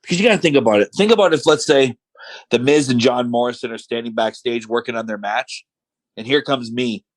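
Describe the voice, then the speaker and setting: A man's voice: medium pitch, fairly quick, dry recording, rough recording. A man, a podcast guest, telling stories casually and animatedly, acting out the quotes. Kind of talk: casual storytelling.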